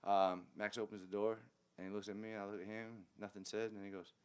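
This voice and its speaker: A man's voice: fairly low pitch, quick pace, clear, resonant tone. A man from Long Beach, California, a musician guest telling a story in a casual interview and acting out the people he quotes. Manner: animated storyteller who acts out the people he quotes.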